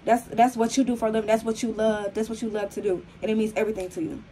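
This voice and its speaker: Chatty young woman vlogging, slightly hoarse. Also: fairly high pitch, little pitch movement, fast, dark tone, slight background noise, poor audio. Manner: chatty, calls viewers y'all, lots of fillers. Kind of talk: casual vlog talk to camera. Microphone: phone camera.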